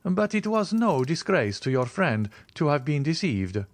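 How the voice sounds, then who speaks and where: A man's voice: on the high side, sing-song, measured pace, no echo, pitched above the performer's own voice. A man voicing an earnest, grateful young male servant in an audiobook reading, speaking eagerly and deferentially.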